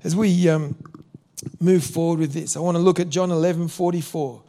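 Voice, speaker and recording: Male preacher, high-pitched, earnest sermon delivery with direct questions to the congregation. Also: fairly even intonation, normal speed, mellow. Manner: earnest, repeats words, asks the listeners direct questions.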